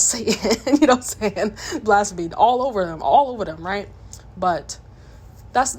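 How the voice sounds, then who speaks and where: Woman vlogger, casual rant, blunt and profane, mid-range voice, faint background noise. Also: mid-range voice. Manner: blunt, profane, animated, mocking quoted voices. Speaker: commentary vlogger. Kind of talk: casual ranting commentary.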